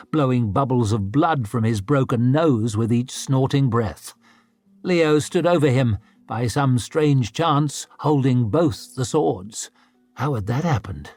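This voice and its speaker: A man narrating an audiobook in a measured, dramatic storytelling manner. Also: medium pitch, no echo.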